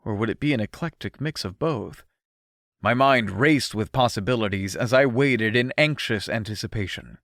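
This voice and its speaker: A man narrating an audiobook in an expressive first-person storytelling manner, recorded on a close studio mic. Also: lowish voice, normal speed, dry recording.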